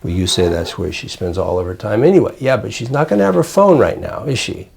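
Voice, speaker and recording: Older male psychiatrist, low gravelly tone, calm explanatory parent-coaching delivery. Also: fast talker, slight background noise. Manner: calm, explanatory, plain-spoken. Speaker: child psychiatrist giving parent training. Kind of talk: conversational teaching with role-play examples.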